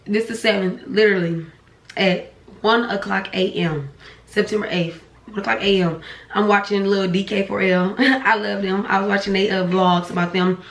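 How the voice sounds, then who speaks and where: A young woman, telling a story casually while eating, acting out voices with sharp pitch jumps. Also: normal speed, reverberant, slight background noise. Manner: animated storytelling, acts out dialogue with pitch jumps. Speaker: vlogger. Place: home room.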